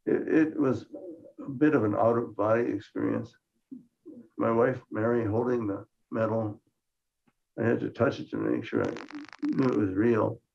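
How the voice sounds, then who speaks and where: An older Minnesota man, animated and gravelly at a medium pitch, gives a conference science talk with slides at a moderate pace. His humor is dry and understated, and he restarts phrases a lot. The lecture recording sounds muffled and lo-fi.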